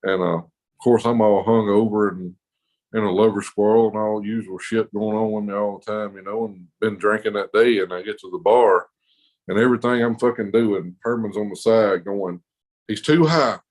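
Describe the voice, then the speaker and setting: A man's voice: lowish voice, fairly even intonation, moderate pace, a little mellow, low-quality recording. A man with a drawl spins a casual story as a podcast guest. His talk is rambling and profane, full of laughter.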